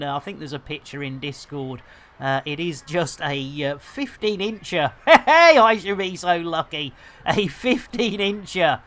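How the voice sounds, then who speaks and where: A woman, chatting casually and self-mockingly while streaming a game, laughing and swearing mildly. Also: low-pitched. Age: 50s. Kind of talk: casual live-stream chat.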